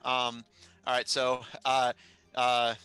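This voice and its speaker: A man running a tabletop game as game master, narrating scenes at a measured pace. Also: medium pitch, monotone, bright, forceful tone, smooth, no echo. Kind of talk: running a tabletop game over a live stream.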